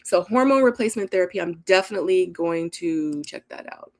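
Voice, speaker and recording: A woman's voice: lowish voice, animated, fairly quick. A middle-aged woman hosting a casual live Q&A, reading viewer comments and telling stories in an emphatic, chatty way. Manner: chatty, emphatic, storytelling with acted-out quotes.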